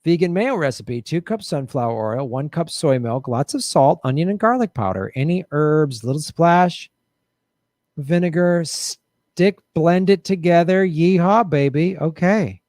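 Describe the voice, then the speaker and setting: Animated man answering viewer questions. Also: fairly high pitch, unhurried, no echo, clean studio sound. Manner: animated, jumps between mocking voices and mutters. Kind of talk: casual livestream commentary.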